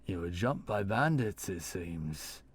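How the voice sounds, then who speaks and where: A man voicing a calm, measured knight. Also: low-pitched, slightly rough, no room sound, full character voice. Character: calm armored male knight lieutenant.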